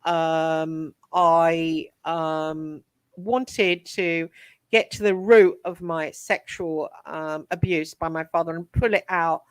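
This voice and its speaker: A woman, an interview guest, telling her life story frankly, with many pauses and restarts. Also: low-pitched, steady tone, clean tone, dry recording. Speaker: interview guest, psychic medium and author.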